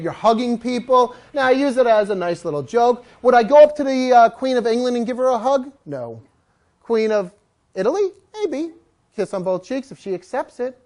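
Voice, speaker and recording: A woman dog trainer speaking to a room of people in a lively, joking way, slipping into quick voices for owners and dogs. Her pitch swings widely as she talks, rising and falling through each story. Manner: animated, jokey, acts out voices of people and dogs. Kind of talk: live talk to an audience.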